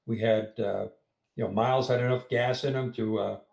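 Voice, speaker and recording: A man's voice: fairly low pitch, steady tone, moderate pace, creaky, darkish tone. A man co-hosting a casual post-game sports talk, speaking hesitantly with lots of fillers. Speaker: podcast co-host. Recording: echoey room.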